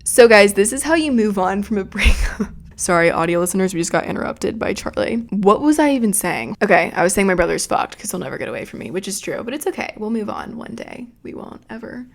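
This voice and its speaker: A young woman in her early twenties hosts a casual storytelling podcast, retelling a night out in a chatty, profane way. Her voice is medium in pitch, expressive, and brisk.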